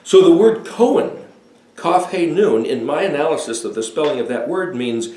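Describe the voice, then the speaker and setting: A man in his sixties giving a deliberate, emphatic talk explaining Hebrew words as a home Bible teacher. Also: fairly high pitch, animated, warm tone. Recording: echoey room.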